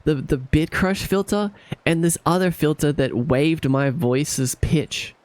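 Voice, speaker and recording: A man's voice: fairly high pitch, slow pace, no echo. A man streaming, chatting casually and animatedly, laughing often and sounding incredulous.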